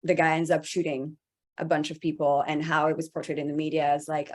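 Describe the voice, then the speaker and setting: A woman's voice: low voice, little pitch movement, fairly quick. A woman voice actor speaking on a panel, passionate and rambling, with many restarts. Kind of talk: panel discussion.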